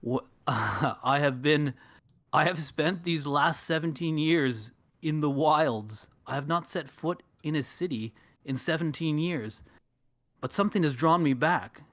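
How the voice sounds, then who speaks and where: A player voicing a solemn young man back from years in the wilds, speaking slowly and formally. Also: medium pitch, fairly bright tone, no echo, lightly acted. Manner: slow, formal, mystical.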